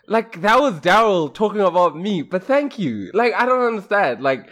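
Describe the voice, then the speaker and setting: Animated, laughing podcast co-host man. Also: high-pitched, a little slow, few pauses. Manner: animated, laughs often, mimics voices. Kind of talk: casual chat.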